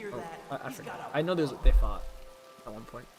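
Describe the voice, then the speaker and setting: A man's voice: medium pitch, animated, fairly quick, music in the background. A young man giving rambling, self-deprecating commentary while playing, his throat a little strained. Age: young adult. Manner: chatty, self-deprecating, jumps between topics. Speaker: gaming challenge streamer.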